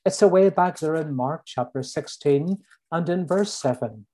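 Here a middle-aged preacher from Northern Ireland, accent clearly local, works through a sermon and deliberately repeats the important lines at a slow pace. He has a dark-toned voice pitched fairly high.

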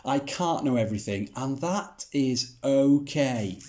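A man's voice: mid-range voice, lively intonation, a little slow, darkish tone. A man giving a Bible teaching talk, asking rhetorical questions and using mildly sarcastic humor.

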